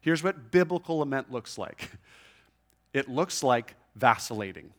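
A man preaching a sermon in a church room, earnest and conversational, often restarting and checking in with "right?", slowing down and softening when he reads scripture. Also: mid-range voice, animated. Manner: reads scripture slowly and softly. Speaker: pastor.

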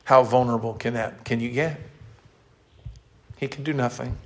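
A male pastor preaching in a voice of ordinary pitch. He reads scripture slowly and leads call-and-response with his listeners. His delivery carries emotion throughout. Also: steady tone. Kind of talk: sermon.

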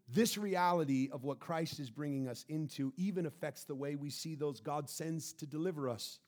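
A pastor preaching a sermon in a church, impassioned, swinging between loud and hushed. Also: male voice, on the high side, moderate pace, hardly any pauses.

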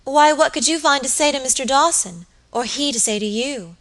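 A woman gives voice to an anxious young lady of the manor in a storybook reading. She probes with eager questions in a bright voice. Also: high-pitched, normal speed, voice pushed up. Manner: anxious and probing.

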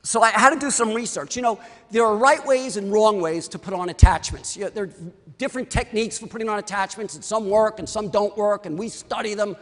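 A man, an orthodontist, telling a story to an audience and acting out the dialogue in a lively way. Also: high-pitched, brisk, big-room sound.

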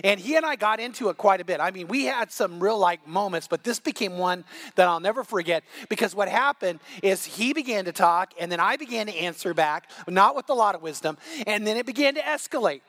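A middle-aged man preaching a sermon as pastor, telling a story with animated, rising delivery that climbs to near shouting. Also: high-pitched, a little fast.

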